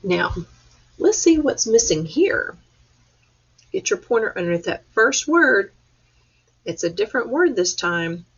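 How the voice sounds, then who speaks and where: Gravelly, husky lady teacher talking slow and patient to little kids, dull lo-fi webcam sound. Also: medium pitch, very animated. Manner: patient, encouraging, sounds out letters slowly. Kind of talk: reading lesson for young children. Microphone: webcam or computer mic.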